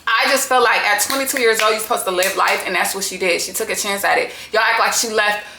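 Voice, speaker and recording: A woman's voice: mid-range voice, fast talker, creaky, roomy sound, noisy background. A woman recapping a reality show in a casual, profane and opinionated way.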